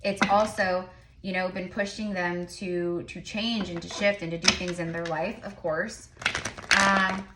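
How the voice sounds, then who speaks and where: A woman with a lowish, fairly flat voice gives a casual tarot reading to her viewers over a very noisy recording. She rambles, using lots of fillers and restarts, and mentions that she talks fast.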